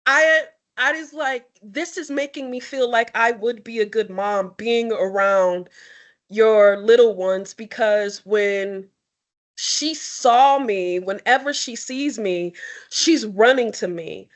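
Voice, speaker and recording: Casting: young adult woman, slightly high voice, candid, expressive, emotional podcast co-host. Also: slow. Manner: expressive, tearful at times, candid. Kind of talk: emotional heartfelt conversation.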